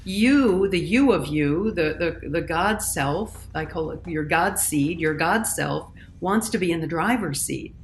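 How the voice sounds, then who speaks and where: A woman guest on a podcast, a consciousness coach talking in a lively, laughing way and acting out inner voices. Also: on the low side, unhurried, few pauses, a little hiss or hum. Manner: animated, laughs often, acts out inner voices. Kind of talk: conversational podcast interview.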